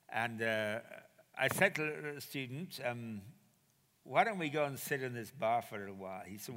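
A man telling a personal story in a sermon, animated and acting out the quoted dialogue. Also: mid-range voice. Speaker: preacher. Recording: reverberant hall.

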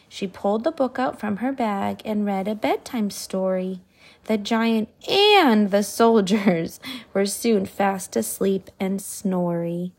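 A woman reading a picture book aloud to a child, slow and soft, with whispered asides. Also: mid-range voice, gravelly.

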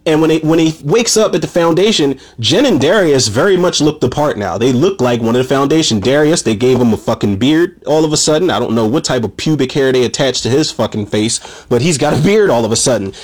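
Speaking briskly with few pauses and lively intonation, a man with a medium-pitched voice reviews a horror movie. His recap is casual and full of profanity, an emotional rant in which he calls his listeners "people".

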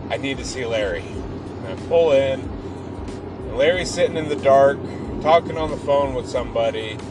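A man's voice: mid-range voice, normal speed, recorded from a distance, over music, rough recording. A middle-aged man hosting a podcast, telling a personal story and reflecting on faith in an earnest, emphatic way. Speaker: podcast host.

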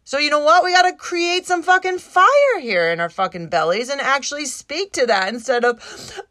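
Woman podcast host, high voice, emotional and profane, rambling monologue. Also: very animated, brisk, bright, forceful tone, no room sound. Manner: swears constantly, impassioned and rambling; emotional, near tears at times. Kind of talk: casual solo podcast monologue.

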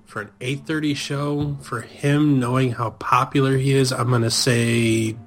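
Man, podcast co-host, relaxed short reactions, faint music behind him. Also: mid-range voice, unhurried. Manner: brief reactions and friendly asides. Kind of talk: casual podcast banter.

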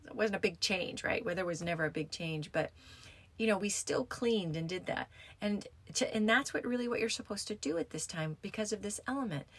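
Husky-voiced woman chatting about yoga. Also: fairly low pitch, dry recording. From United States. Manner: chatty, rambling with many restarts and fillers. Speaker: yin yoga teacher. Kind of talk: casual reflective talk.

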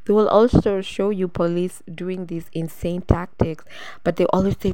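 A woman hosting a solo podcast, ranting bluntly and with profanity, breaking into sudden loud outbursts. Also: fairly low pitch, steady tone, normal speed, clean tone, dry recording, low-quality recording. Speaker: podcast host.

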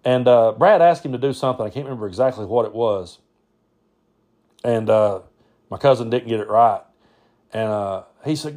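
A man's voice: mid-range voice, moderate pace, pauses often, darkish tone. A man, telling stories on his podcast in a rambling, self-interrupting way. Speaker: podcast host. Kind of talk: casual storytelling.

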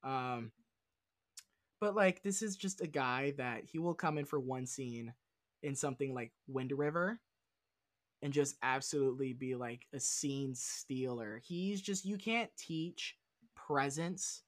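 A man's voice: medium pitch, a little slow, no echo, studio quality. A man talking as a guest on a casual film podcast, rambling and swearing enthusiastically as he goes off on tangents.

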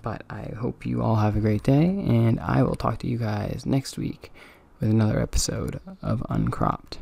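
A man's voice: on the low side, sing-song, normal speed, creaky, dark tone. A tired young man hosting his own podcast, rambling casually with lots of ums and self-critical asides. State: tired, yawning. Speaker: podcast host. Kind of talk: casual solo podcast review.

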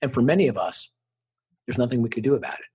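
A middle-aged man with a very husky, breathy voice and a steady pitch. He talks earnestly and reflectively as an interview guest, and he livens up when he quotes the people in his stories. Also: quick pace. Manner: earnest, reflective, animated when quoting others. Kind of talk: conversational interview storytelling.

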